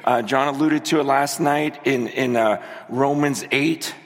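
A man's voice: mid-range voice, steady tone, measured pace. Emotional preacher man in an echoing hall. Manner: emotional, repetitive, restarts often. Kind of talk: sermon. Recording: long hall reverb.

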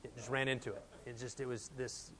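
A man's voice: mid-range voice, steady tone, fairly quick, pushed and bright, slight background noise. A man from Texas in his thirties preaching a sermon as a pastor, telling a personal story and building to emphatic points.

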